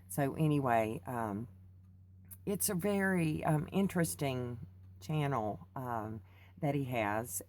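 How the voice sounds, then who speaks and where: A woman's voice: extremely low pitch, darkish tone. A woman from the United States, chatting casually and rambling to her viewers in a vlog, laughing often. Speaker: vlogger. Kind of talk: casual chat to camera.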